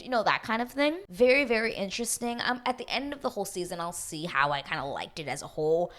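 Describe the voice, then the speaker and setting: A woman's voice: mid-range voice, animated, quick pace, hardly any pauses, a bit bright. A woman recapping a reality show in a casual chat, gossipy, with lots of asides and tag questions. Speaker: recap vlogger.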